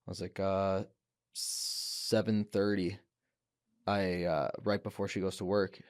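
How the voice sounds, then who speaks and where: A man's voice: low-pitched, level tone, slow pace, clean tone, dry recording, studio quality. A young man telling his story as a podcast guest, earnest, with restarts and quoted words. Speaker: guest, professional fighter. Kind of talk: emotional personal testimony. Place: podcast studio.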